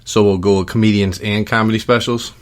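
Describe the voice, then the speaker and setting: A middle-aged man hosting a podcast in casual chat, relaxed and rambling with lots of fillers. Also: lowish voice, a little fast. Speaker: podcast host.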